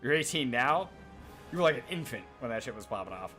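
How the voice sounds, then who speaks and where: A man in his thirties streams a game and rambles to his chat in an everyday mid-pitched voice. He swears freely and jumps from story to story. Faint music plays underneath. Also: animated, fast, a bit bright. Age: 30s. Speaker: gaming streamer. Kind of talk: casual live-stream chat while playing.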